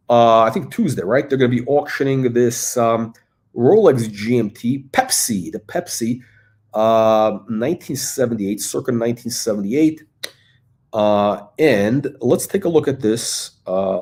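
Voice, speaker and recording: Over a computer mic, a livestream host chats loosely in a middle-pitched, somewhat mellow voice. He tends to ramble, restarting sentences, repeating words and leaning on fillers.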